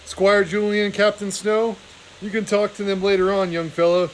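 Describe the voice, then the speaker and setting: A man reading aloud, voicing a brisk, limping old male hare soldier. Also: high-pitched, flat delivery, slight background noise, close to an everyday voice. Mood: urgent.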